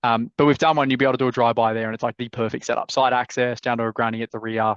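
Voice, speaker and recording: A laid-back Australian man hands out blunt property advice over a video call, swearing freely and keeping it casual. His voice sits at a middle pitch. The audio comes through muffled and dull, with a dry, close sound. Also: level tone, rapid-fire, hardly any pauses, smooth, no room sound. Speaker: property advisor hosting live mentorship calls.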